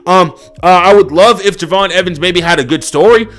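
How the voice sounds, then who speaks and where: A man's voice: sits high, brisk, fairly bright tone, soft background music. A young man ranting unscripted as a wrestling reviewer, exasperated and profane, full of fillers. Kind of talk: unscripted rant.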